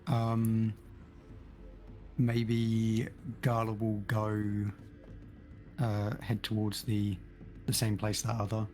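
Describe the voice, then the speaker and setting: Male tabletop player; lower voice, hesitant, filler-heavy. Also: completely flat delivery, slow pace, long pauses, a little mellow, faint music behind. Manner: hesitant, laughs often. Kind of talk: casual tabletop play.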